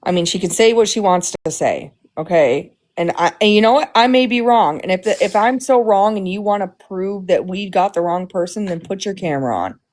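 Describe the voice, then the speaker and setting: A woman's voice: mid-range voice, expressive, brisk, hardly any pauses, a little mellow. Emphatic woman co-hosting a livestream. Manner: emphatic and insistent, repeats points for stress. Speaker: livestream co-host. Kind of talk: casual livestream chat.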